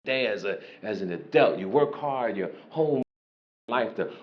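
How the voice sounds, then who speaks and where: A man in his sixties doing brash, crude, animated stand-up storytelling on a comedy club stage. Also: on the low side, normal speed. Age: 60s. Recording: roomy, muffled club sound. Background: loud audience laughter and noise.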